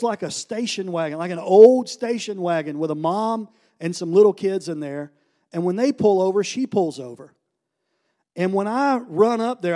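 A man preaching a sermon as a guest speaker and ministry founder, telling a story with jokes along the way. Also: high voice. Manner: animated, joking anecdotes.

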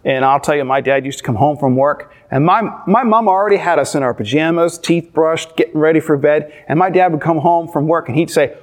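A middle-aged man, a pastor, preaching a sermon with animated storytelling and playful asides. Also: fairly high pitch, brisk.

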